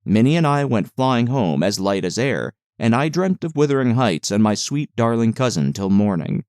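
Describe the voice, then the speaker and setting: A man narrating a classic novel as an audiobook, in a measured, expressive reading. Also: medium pitch, no room sound, studio quality.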